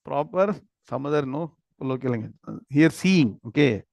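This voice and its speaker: A man's voice: medium pitch, expressive, moderate pace, vocal fry, darkish tone, no room sound. A man with an Indian English accent teaching a scripture class, reciting Sanskrit words one at a time and quizzing his students. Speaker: Gita and Vedanta teacher.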